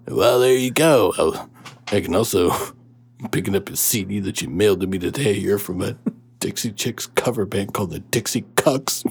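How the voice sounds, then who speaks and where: A man's voice: lowish voice, normal speed, breathy edge, voice pushed down. A man playing a crude, rambling shock-jock radio DJ who takes callers and laughs between his quips. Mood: brash.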